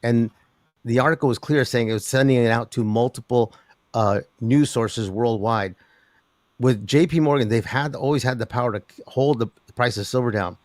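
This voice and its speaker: An older man, a guest in an interview talking about metals markets, who rambles with an animated delivery, many restarts and laughs. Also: medium pitch, moderate pace, dry recording. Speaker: precious metals commentator.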